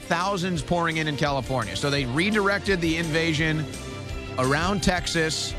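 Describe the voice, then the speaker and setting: A man's voice: a little high, moderate pace, over music. A man giving urgent political commentary on a talk show.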